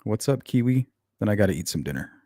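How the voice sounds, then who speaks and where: A man's voice: fairly low pitch, animated, fast talker, warm tone, dry recording, clean studio sound. A man hosting a casual true-crime livestream, reading comments out and answering viewers in a blunt, sarcastic way. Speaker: true-crime channel host.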